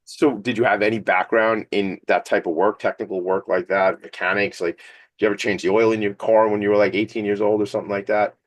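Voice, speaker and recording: A man's voice: on the low side, little pitch movement, quick pace. A man hosting a talk radio show in a studio, chatting casually with a guest in a rambling, jokey, enthusiastic way. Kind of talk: casual interview chat. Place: studio streamed on video.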